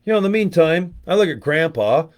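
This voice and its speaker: A middle-aged man chatting casually to camera as a network marketing vlogger, rambling, swearing freely and jumping into animated stories. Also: fairly high pitch, fairly quick. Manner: profane, rambling, animated storytelling. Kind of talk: casual talking-head chat.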